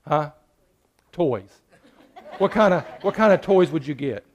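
A man preaching a sermon in a church, joking with the congregation and swinging between loud and hushed. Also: fairly high pitch, animated, unhurried, lo-fi sound. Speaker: pastor.

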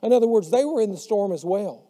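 A man preaching a sermon who slows down and drops his voice on the words he wants to stress. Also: sits high, lively intonation, dark tone. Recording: long hall reverb.

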